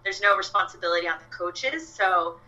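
A woman's voice: fairly low pitch, normal speed, bright, forceful tone, lo-fi sound. A young woman, a fitness coach, chatting casually with lots of fillers and quoted asides. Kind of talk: casual podcast chat. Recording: voice a bit far from the mic.

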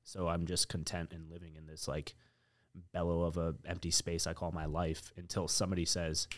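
A man's voice: sits low, monotone, a little fast, no echo. A man talking bluntly in a casual podcast conversation, swearing freely and telling anecdotes.

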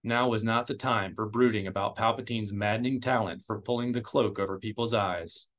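Man reading an audiobook, measured. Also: lowish voice, fairly even intonation, a bit bright. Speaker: audiobook reader. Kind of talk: audiobook narration.

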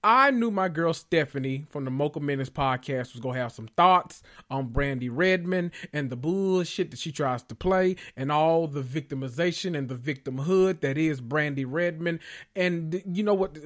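A man hosting a podcast, recapping reality TV in a casual, animated, profane way with emphatic repetition. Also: fairly high pitch, normal speed. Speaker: podcast host.

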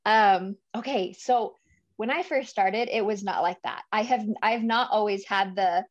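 A woman's voice: medium pitch, normal speed, dry recording, muffled recording. A woman speaking as a guest coach in a casual interview, earnest and emotional, often laughing as she talks. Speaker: guest, business coach for mothers.

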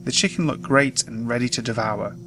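A man reading a scripted first-person horror story in a steady, measured way, with faint music behind. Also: mid-range voice, low-quality recording.

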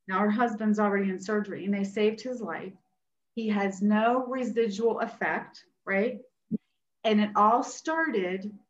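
Lively woman storyteller, roomy dull sound. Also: mid-range voice. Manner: animated, acts out what others said. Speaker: nurse practitioner guest. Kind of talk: personal storytelling in an interview.

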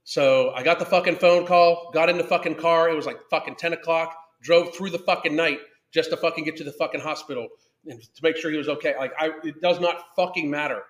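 A man's voice: a little high, fairly even intonation, fairly quick, echoey room. Profane, angry man ranting on a podcast. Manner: swears constantly, angry and emphatic, reads chat comments aloud. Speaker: podcast host reacting to a video and live chat. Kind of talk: profane live-stream rant.

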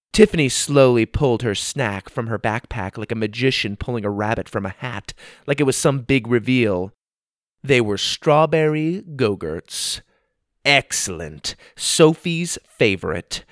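A man narrating a children's story in an expressive, animated reading style. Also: medium pitch, unhurried, no room sound, studio quality.

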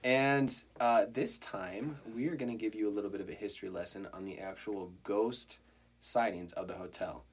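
Husky-voiced joking man with a Colorado accent. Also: lowish voice, moderate pace. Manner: crude, joking, loud outbursts. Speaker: podcast host. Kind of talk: casual podcast banter.

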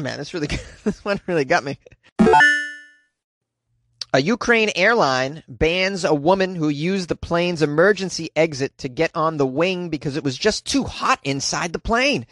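A man hosting comedic news commentary, sarcastic and animated, laughing often and jumping into a high squeaky voice for quips. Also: no room sound. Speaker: host.

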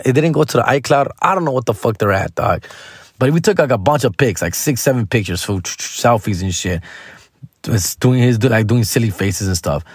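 A man's voice: medium pitch, no echo, studio quality. A male stand-up comedian telling a story casually, full of slang and swearing. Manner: slangy and profane, calls listeners "fool" and "dog".

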